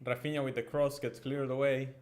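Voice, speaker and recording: A man hosting a football watchalong, giving excitable, chatty live commentary with frequent ums and uhs. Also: mid-range voice, fairly quick. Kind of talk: casual live match commentary and chat.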